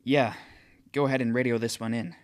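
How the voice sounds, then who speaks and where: A man's voice: mid-range voice, fairly even intonation, brisk, close to an everyday voice. A man voicing a friendly teenage boy in an audiobook, speaking in a reassuring way. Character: friendly, encouraging teen boy.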